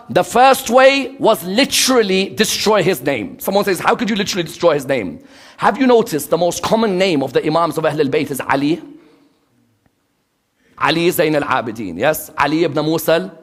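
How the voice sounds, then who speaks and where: Animated high-voiced male lecturer. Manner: rhetorical questions to the audience; dramatic shifts between loud and hushed. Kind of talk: religious lecture.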